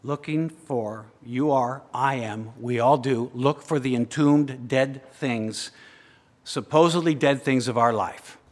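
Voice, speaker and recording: Preaching in a large hall, a mid-range-voiced pastor swings between hushed, deliberate reflection and urgent, raised emphasis. He piles up repeated phrases into escalating lists.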